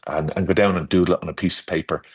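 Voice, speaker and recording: A middle-aged Irish man with a very low-pitched voice, chatting as a guest about his design work. He tells long, winding stories, doubling back on his words and jumping up in pitch whenever he acts out what someone said. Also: steady tone, racing, husky. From Ireland. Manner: rambling storyteller, restarts, acts out quotes with shifting pitch. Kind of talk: casual conversational interview.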